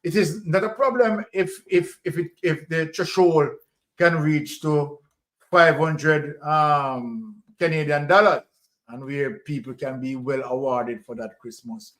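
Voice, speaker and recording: A man from Jamaica with a Jamaican accent, hosting a casual chat in a measured, reassuring way. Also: fairly high pitch, a bit bright.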